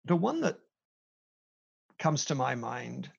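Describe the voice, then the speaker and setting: A man's voice: mid-range voice, very animated, takes it slowly, gravelly, breathy edge. A middle-aged British man with a British accent, a company CEO telling his career story in an interview, self-deprecating and chatty. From Britain. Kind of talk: interview conversation. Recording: slightly dull lo-fi sound.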